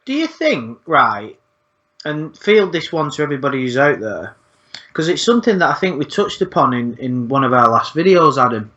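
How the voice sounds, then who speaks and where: A man's voice: medium pitch, expressive, normal speed, pushed and bright. Rambling man, lo-fi sound. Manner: rambling, frequent swearing, repeats words. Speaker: channel host. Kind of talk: casual podcast chat. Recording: dull lo-fi sound.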